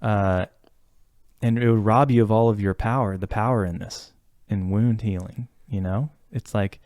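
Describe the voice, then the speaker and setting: A man co-hosts a casual podcast conversation, speaking earnestly and reflectively with many fillers and restarts. His voice is fairly low and steady, moderately paced, with a darkish tone. The recording is clean studio sound with no room noise.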